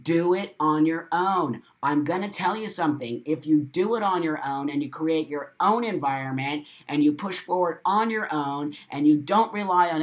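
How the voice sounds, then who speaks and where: A middle-aged man hosting a live video show, delivering a blunt, profane, preachy monologue and repeating phrases for emphasis. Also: fairly high pitch. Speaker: host of a live morning show.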